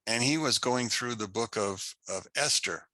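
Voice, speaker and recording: A man teaching an unscripted Bible class, telling a story slowly and haltingly with many restarts. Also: mid-range voice, pushed and bright, no room sound. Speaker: Torah teacher.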